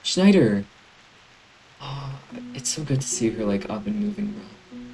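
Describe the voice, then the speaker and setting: A man's voice: mid-range voice, steady tone, normal speed, mellow, faint music behind, rough recording. A man streaming a game, chatting casually and enthusiastically with lots of fillers.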